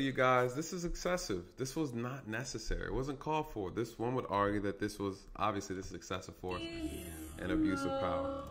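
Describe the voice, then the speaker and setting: A man's voice: lowish voice, fairly bright tone. A man who is a police officer giving casual commentary on an arrest video, talking conversationally and often checking in with "right?" and "you guys".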